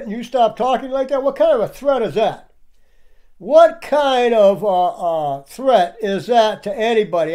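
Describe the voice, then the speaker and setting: A man's voice: very high voice, animated, a little slow, mellow. A man giving indignant, preachy commentary over clips and firing off rhetorical questions. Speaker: online commentator.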